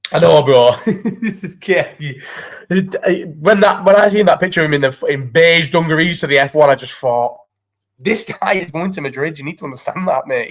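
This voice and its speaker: Fast, sweary young man ranting. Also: on the high side. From Falmouth, England. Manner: sweary, ranting football opinions. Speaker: podcast host. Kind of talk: casual live chat.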